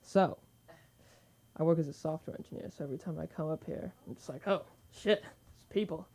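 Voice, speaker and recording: Halting self-deprecating man at the mic. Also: on the high side, fairly even intonation, gravelly, warm tone, breathy edge. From Silicon Valley, California. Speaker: stand-up comedian. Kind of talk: stand-up set.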